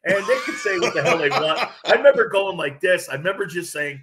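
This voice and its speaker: A man's voice: high voice, a little fast, few pauses. A man talking sports as a radio host guest, telling stories animatedly and acting out what others said. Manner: animated, acts out quotes from others. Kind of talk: casual sports talk storytelling.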